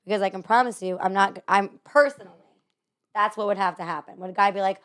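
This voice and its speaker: A woman's voice: medium pitch, quick pace, fairly bright tone. Blunt, candid woman podcast guest. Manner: blunt and candid, swears freely. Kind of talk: casual podcast chat.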